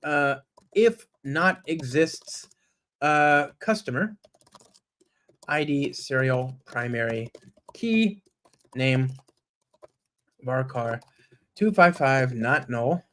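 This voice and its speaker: A man's voice: mid-range voice, lively intonation, very slow, long pauses, fairly bright tone. A man giving a live-coding presentation at a conference, chatty and enthusiastic, often checking in with the audience with "right?" and "okay?" while he types code aloud. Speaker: conference speaker.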